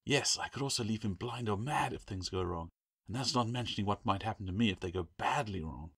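A man's voice: fairly low pitch, a little fast, fairly bright tone, slightly rough, dry recording, clean studio sound. A man voicing a cheeky, self-satisfied male gecko who speaks telepathically in a storybook reading. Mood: wary.

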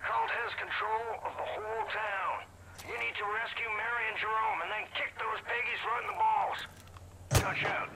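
A man voicing a resistance radio contact in a video game, giving clipped, hushed orders. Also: high voice, lively intonation, moderate pace, vocal fry, very noisy. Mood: hushed warning. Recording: loud game music behind.

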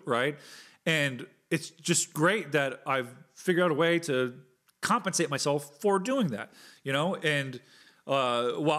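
Alone on the mic for his podcast, a guitar teacher in his thirties talks earnestly and meanders, using many fillers and swearing casually. He has a slightly high, somewhat bright voice.

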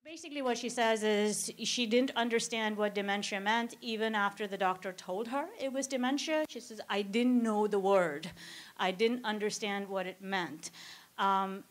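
A woman's voice: mid-range voice, normal speed. A woman speaking on a panel, summarizing and explaining a caregiver's account in a thoughtful, explanatory way. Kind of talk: academic talk summarizing a clip.

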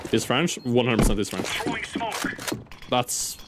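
A man's voice: mid-range voice, unhurried, heavy background noise. A man streaming a shooter game, chatting casually, joking and griping about teammates with plenty of swearing. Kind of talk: casual gameplay commentary. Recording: streamed over loud game sounds and mouse clicks.

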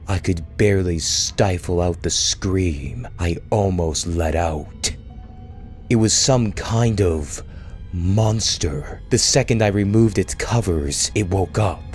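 A man reading a scripted horror story aloud as narrator, in a slow, measured, hushed storytelling manner. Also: sits low, soft background music.

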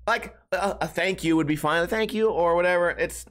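A man's voice: sits high, brisk, fairly bright tone. A man hosting a solo podcast, telling rambling everyday stories with lots of swearing and acting out the people he quotes. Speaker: podcast host. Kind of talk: casual solo storytelling monologue.

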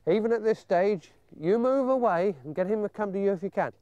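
An older man with an English accent talks through puppy training in a genial, chatty way. His voice sits fairly high and moves a lot, clear and smooth. The sound is dry and a little dull. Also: expressive, brisk, dark tone, no echo. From England. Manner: genial, chatty, coaxes the pup in a high sing-song. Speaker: dog trainer. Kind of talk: outdoor training demonstration.

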